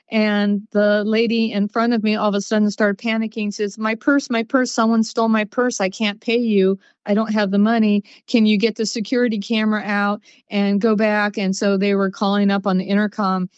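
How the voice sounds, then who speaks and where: A woman's voice: mid-range voice, smooth, no echo, dull audio. A woman, a psychic guest on a podcast, telling stories in casual chat and acting out what people said. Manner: storytelling, expressive, acts out quotes.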